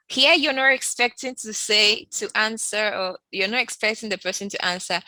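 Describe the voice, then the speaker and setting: A woman's voice: sharp tone, no room sound, rough recording. A woman teaching a language lesson, repeating every example phrase and lifting her voice on sample questions. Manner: slow, repeats each French phrase, rises high on example questions. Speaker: French teacher.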